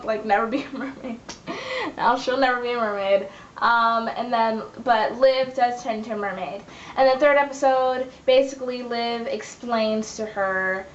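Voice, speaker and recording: A young woman recapping her web series in a casual, chatty vlog, acting out the characters' lines as she goes. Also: on the high side. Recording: echoey room, dull lo-fi sound, faint hiss.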